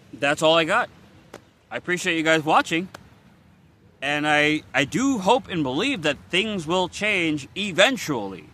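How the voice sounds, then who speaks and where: A man's voice: a little high, pushed and bright. A young man venting in a confessional vlog, frustrated, weary and swearing bluntly as he talks. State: weary and worn out. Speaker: vlogger.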